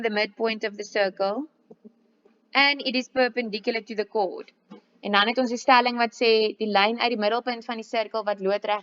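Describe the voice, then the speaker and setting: A woman with a South African accent and a mid-range, slightly bright voice teaches a maths class, talking briskly with fairly even intonation. She patiently goes over a test step by step, switching between English and Afrikaans as she explains. The recording is slightly dull and lo-fi.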